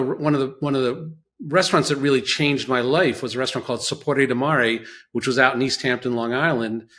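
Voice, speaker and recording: New york chef dude chatting, animated storyteller, acts out the quotes. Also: male voice, medium pitch. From New York area. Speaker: chef guest. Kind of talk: casual chat.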